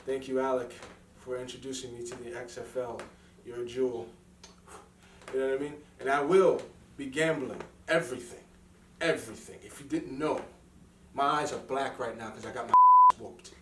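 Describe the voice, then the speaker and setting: A man rambles through a comic sports report, boasting and tossing out asides. His voice sits at an ordinary pitch and is picked up from a distance in an echoey room, with faint noise behind him. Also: normal speed, long pauses, bright, forceful tone. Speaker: sports segment presenter. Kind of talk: comic news sketch.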